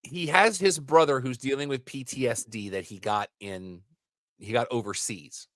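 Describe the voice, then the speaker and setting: A man co-hosting a casual podcast, rambling through animated movie recaps with side comments. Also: medium pitch, moderate pace, no room sound, studio quality. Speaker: podcast co-host.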